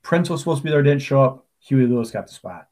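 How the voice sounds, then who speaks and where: A man's voice: mid-range voice, animated, quick pace, a little mellow. A man co-hosting a podcast, talking casually and telling stories with plenty of asides and restarts. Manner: chatty storyteller, many restarts and asides. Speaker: podcast co-host. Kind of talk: casual chat.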